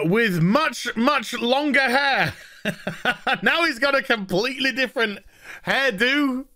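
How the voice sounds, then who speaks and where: An English man hosts a sarcastic TV recap, sounding fed up and amused in turn. His voice is bright and lively, rising and falling widely, and he talks at an unhurried pace. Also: high-pitched. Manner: mocking, exasperated, laughing. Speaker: host. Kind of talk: sarcastic TV episode review.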